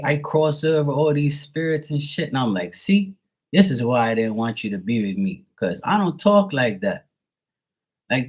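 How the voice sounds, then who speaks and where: A man's voice: mid-range voice, darkish tone, husky. A man working as a psychic medium, ranting bluntly and profanely in a rambling, casual livestream chat. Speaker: psychic medium and tarot reader.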